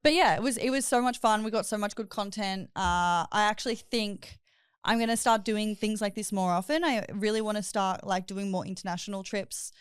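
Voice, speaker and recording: A woman's voice: medium pitch, a little fast, smooth, dry recording, studio quality. A young woman hosting a podcast, chatting in a bubbly, giggly storytelling way. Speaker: podcast host. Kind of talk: casual chat.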